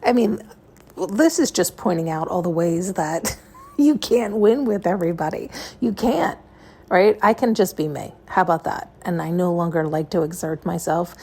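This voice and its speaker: A woman's voice: lowish voice, normal speed, darkish tone, breathy edge. A woman hosting a podcast, talking in a rambling, frank and profane monologue. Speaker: podcast host. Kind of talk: casual intuitive monologue.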